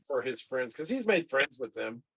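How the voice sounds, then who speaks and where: A man playing a tabletop game who explains his character's plans in an earnest, matter-of-fact way. His voice is mid-pitched and steady. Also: moderate pace, breathy edge, poor audio. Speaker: player.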